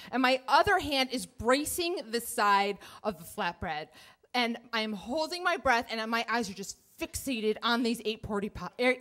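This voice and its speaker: A woman in her thirties tells a first-person story live on stage. Her voice sits high and swings widely, jumping up whenever she acts out her own panic. The delivery is animated and conversational. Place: theater stage before an audience.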